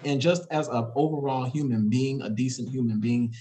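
A man sharing warm words in a relaxed conversation, halting often and laughing between phrases. His voice sits at an ordinary mid pitch. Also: rough recording. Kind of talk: casual chat among friends.

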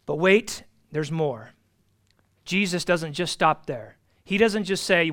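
A man teaching an adult Bible class, earnest and emphatic, repeating key phrases and swinging between loud stresses and soft asides. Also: fairly high pitch, unhurried.

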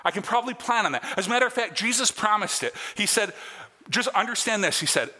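A male pastor with a notably high, bright voice delivers an earnest sermon in a conversational way. His words carry a long reverb from a large church sanctuary. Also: expressive, fast. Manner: earnest, conversational preaching with check-ins to the congregation.

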